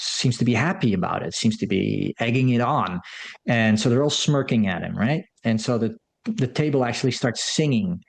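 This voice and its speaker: A man's voice: mid-range voice, a little mellow. A man giving a loose, rambling recap of a film's plot, full of fillers and restarts. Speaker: film commentator. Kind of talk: casual film recap.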